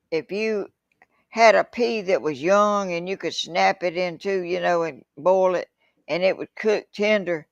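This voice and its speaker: A woman's voice: on the low side, vocal fry, no echo. An older grandmother, chatting casually and rambling folksy stories about food. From Georgia. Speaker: grandmother guest. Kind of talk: casual chat. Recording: dull lo-fi sound.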